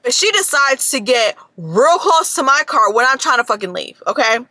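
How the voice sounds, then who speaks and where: A young woman with a high, bright and sharp voice rants in a blunt, profane monologue from inside her car. The sound is close and dry, with no room around her. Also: big pitch swings, moderate pace, no echo. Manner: blunt, profane, heated ranting. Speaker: vlogger. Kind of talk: ranting casual monologue. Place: parked car.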